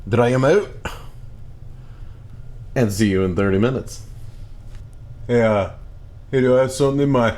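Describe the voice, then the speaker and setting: A man in his forties cooking in his home kitchen, joking to himself and breaking into playful sing-song shouts. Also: medium pitch, fairly quick, long pauses. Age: 40s. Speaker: cooking vlogger. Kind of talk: goofy home cooking vlog. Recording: faint kitchen noise, sizzling pan.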